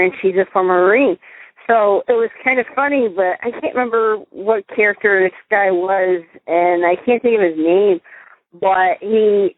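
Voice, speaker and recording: A woman's voice: medium pitch, dry recording. A woman from upstate New York with a New York accent, calling a radio show and chatting in a rambling way. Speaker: caller. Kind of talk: casual chat. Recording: dry tinny phone line.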